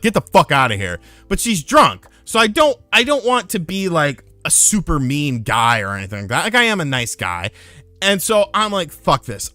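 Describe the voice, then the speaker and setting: A young man streaming live, telling a crude anecdote in a casual, profane, animated way to his chat. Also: high voice, no echo.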